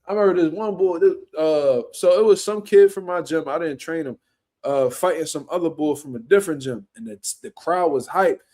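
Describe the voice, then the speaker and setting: His voice on the high side and his pace a little fast, a young boxer swaps animated, profane street-slang stories on a casual podcast.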